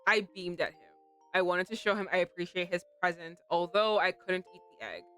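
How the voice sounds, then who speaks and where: A woman streaming a game, reacting with animated, dramatic commentary and reading the lines aloud. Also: fairly low pitch, brisk, clear, resonant tone, faint music behind. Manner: animated, laughing, dramatic outbursts. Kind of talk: game playthrough with commentary and read-aloud translation.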